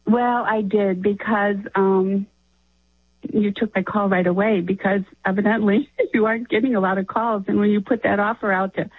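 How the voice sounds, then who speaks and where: A woman's voice: mid-range voice, steady tone, normal speed, slightly rough, dry recording. A woman calling in to a radio show, talking hesitantly and restarting her sentences. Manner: hesitant, restarts often, laughs while talking. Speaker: caller. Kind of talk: phone-in conversation. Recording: tinny phone line.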